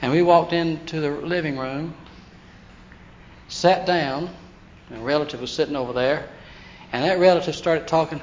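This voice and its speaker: Preacher guy telling stories in a sermon, kinda high voice, muffled recording w/ light hiss. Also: normal speed, pauses often. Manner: animated, acts out quoted voices. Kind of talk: storytelling sermon. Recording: dull lo-fi sound with faint hiss.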